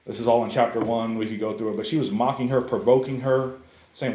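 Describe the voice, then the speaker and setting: A man preaching a sermon to a congregation in a conversational, animated way, often calling the listeners "guys". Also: medium pitch, fast talker, echoey room. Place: church service.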